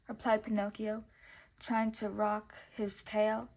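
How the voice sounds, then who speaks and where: Slightly husky woman reading a storybook. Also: mid-range voice, level tone, measured pace. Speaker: storybook reader. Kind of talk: children's storybook read-aloud.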